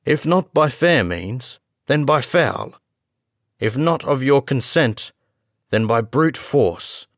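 A man playing a stern, commanding middle-aged male lawyer who speaks in a forceful, demanding way. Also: sits low, steady tone, unhurried, gravelly, dry recording, clean studio sound.

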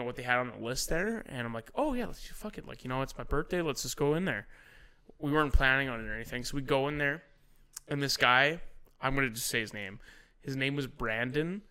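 A man in his thirties telling animated stories in casual podcast chat, swearing and laughing as he goes. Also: mid-range voice, clean tone. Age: 30s. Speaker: podcast host.

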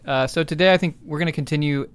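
A man's voice: fairly high pitch, fast talker, clear, resonant tone. A man from the United States hosting a casual podcast chat, easygoing with dry jokes and plenty of fillers. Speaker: podcast host.

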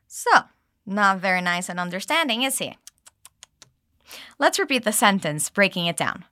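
Woman, English teacher, clear slow modeling, repeat-after-me drills, dry close sound. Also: mid-range voice, very animated, bright, forceful tone, no echo. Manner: clear, slow modeling of phrases with exaggerated intonation.

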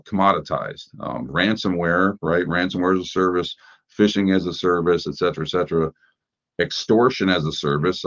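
Male host with an extremely low voice, chatty commentary full of rhetorical questions, dull lo-fi recording. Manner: conversational, rhetorical questions, frequent fillers. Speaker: podcast host. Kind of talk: casual news commentary. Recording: dull lo-fi sound.

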